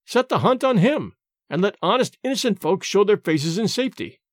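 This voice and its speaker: A man reading an audiobook, voicing a blunt, sensible young lowland man. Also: animated, normal speed, dry recording, studio quality.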